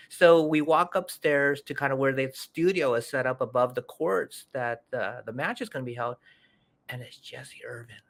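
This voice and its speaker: A man's voice: mid-range voice, moderate pace. A middle-aged man hosting a podcast, telling a story casually and acting out the voices of the people he quotes. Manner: animated, acts out quoted voices. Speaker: podcast host.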